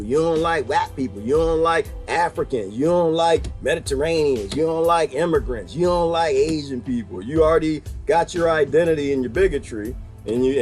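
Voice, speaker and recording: A man's voice: fairly high pitch, darkish tone. A man hosting his own video, talking in a rambling, wry casual monologue and laughing often. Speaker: video host.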